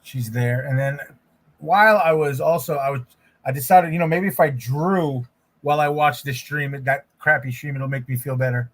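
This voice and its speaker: A man's voice: mid-range voice, moderate pace, fairly bright tone. A man hosting a casual livestream while drawing, talking in a loose, rambling way with frequent restarts. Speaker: livestream host, artist.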